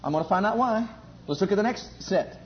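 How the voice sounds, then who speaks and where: A man preaching a sermon with fervor, swinging between loud emphatic calls and quiet low asides. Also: animated, fast talker. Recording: dull lo-fi recording.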